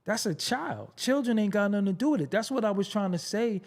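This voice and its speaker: A man hosting his own show, talking bluntly in a casual commentary monologue. He swings from low mutters to high, incredulous outbursts. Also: animated, brisk. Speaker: show host.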